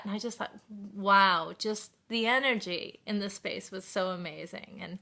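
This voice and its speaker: A woman talks casually to her live stream viewers in a loose, rambling way and thanks them again and again. Her voice is very bright and clear in tone. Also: medium pitch, measured pace.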